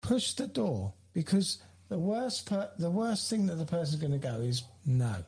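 A man's voice: fairly high pitch, big pitch swings, normal speed, darkish tone, husky. A man, a ministry leader guest, talking in an encouraging way with stammering restarts. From United Kingdom. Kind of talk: casual ministry conversation.

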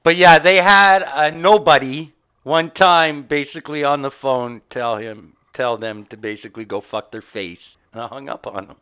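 A man's voice: mid-range voice, moderate pace, clean tone. Profane storytelling man, tinny lo-fi sound. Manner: profane, animated anecdote telling. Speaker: podcast host. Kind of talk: casual storytelling.

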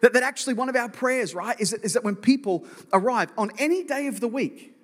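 A man's voice: very high voice, a little fast. A male pastor preaching a sermon in a conversational way, often restarting with repeated words and making joking asides. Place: church auditorium. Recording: long reverb of a church hall.

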